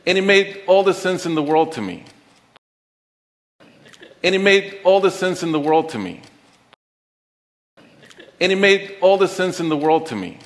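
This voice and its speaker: A middle-aged man telling a personal story on stage, with an earnest, deliberate, heartfelt delivery and pauses. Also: sits high, lively intonation. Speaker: conference speaker. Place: stage in a large auditorium. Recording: long reverb of a large auditorium.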